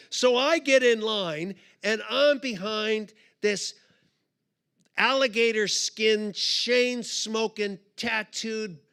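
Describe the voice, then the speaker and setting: A man giving a storytelling sermon at a live conference, animated and comic, acting out the people in his story. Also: sits high, clean tone. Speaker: conference speaker. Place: live conference stage before an audience.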